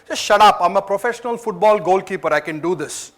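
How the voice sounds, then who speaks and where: A man's voice: sits high, quick pace, fairly bright tone. A man telling a joke, voicing a bold young man who calls out urgently and insists he is a professional goalkeeper.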